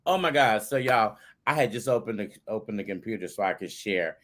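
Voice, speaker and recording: A man co-hosting a casual talk show, excitable and quick to squeal or tear up. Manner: excitable, bursts into high squeals and near tears. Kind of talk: casual chat.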